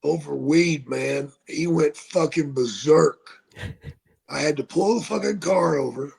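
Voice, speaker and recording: A man's voice: fairly high pitch, a little mellow. An older man, a retired wrestler, telling profane stories in a casual podcast chat. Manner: slow, gravelly, profane storytelling.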